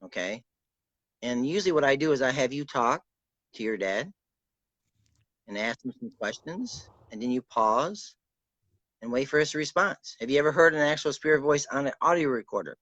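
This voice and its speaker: A man acting as a spirit medium, guiding a sitter and calling out to spirits in a soft, reassuring way. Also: mid-range voice, expressive, moderate pace, long pauses, dry recording, lo-fi sound. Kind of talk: guided spirit session.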